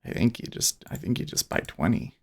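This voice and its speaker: A man talking casually and rambling as he streams his live day trading, often restarting and chuckling. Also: fairly quick. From Utah.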